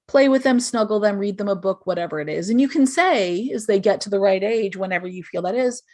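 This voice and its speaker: In a podcast interview, a female guest offers earnest, explanatory parenting advice, acting out sample lines parents could use. Her mid-range voice is animated, brisk, and slightly mellow.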